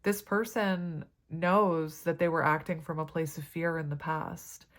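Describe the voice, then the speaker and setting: A woman's voice: low-pitched, steady tone, unhurried. A woman giving a tarot reading to camera, chatty and rambling, with many fillers and side stories. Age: adult parent. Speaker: tarot reader.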